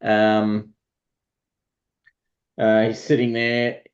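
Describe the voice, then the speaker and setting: Male game master, low voice, unhurried and rambling; lo-fi call sound. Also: darkish tone. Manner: meandering, searching for words. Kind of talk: narrating a tabletop game.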